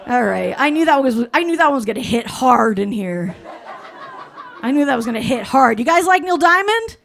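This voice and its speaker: Female stand-up comic, high voice, chatty delivery with laughs on a stage mic. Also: very animated, normal speed, creaky. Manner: chatty, laughs through her jokes. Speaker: stand-up comedian. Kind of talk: stand-up comedy set. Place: comedy stage before a live audience.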